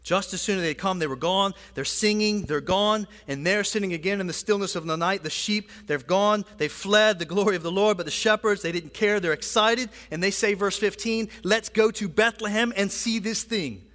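Male pastor, high voice, chatty sermon full of asides, long hall reverb in a church. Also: fairly quick, hardly any pauses, fairly bright tone. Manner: conversational, frequent asides and "right?" tags. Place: church sanctuary.

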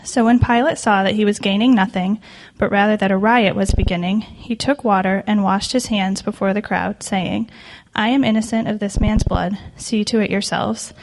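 A woman reading scripture aloud in a church service, clear and even. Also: mid-range voice, moderate pace. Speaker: scripture reader.

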